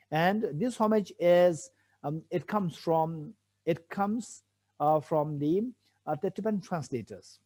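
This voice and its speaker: High-pitched and a little mellow, a man's voice carries a patient explanation of a Buddhist text as he teaches a sutra commentary. He returns to key phrases and uses rhetorical questions.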